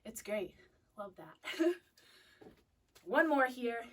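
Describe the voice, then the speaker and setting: A young woman instructor cues moves in an upbeat coaching manner while she works out, sniffly and catching her breath. Her voice sits fairly high. She sounds set back from the microphone in a fitness studio. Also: sing-song, very slow, a bit bright. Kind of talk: live workout class cueing. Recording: voice distant from the mic.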